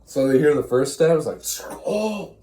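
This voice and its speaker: A man rambles through a crude, comedic retelling of an ancient play while chewing gum. His voice is mellow and sits at a middling pitch. The sound carries a roomy echo. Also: steady tone, moderate pace. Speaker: storyteller.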